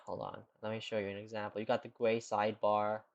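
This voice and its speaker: A man's voice: lowish voice, completely flat delivery, quick pace, dull audio. A man streaming live, rambling casually as he answers chat questions, with lots of "like" and "you know.".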